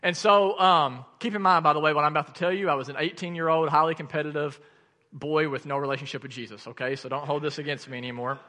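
Bright-voiced animated preacher man. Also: fairly high pitch, fast talker, big-room sound. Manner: animated storytelling with laughs and bursts of loudness. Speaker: pastor. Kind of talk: sermon.

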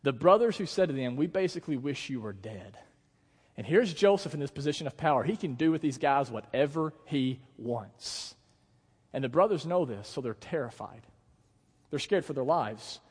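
Male pastor, animated storytelling sermon, fairly high voice, long hall reverb. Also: moderate pace, slightly rough. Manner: animated storytelling, acting out the scenes. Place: church sanctuary.

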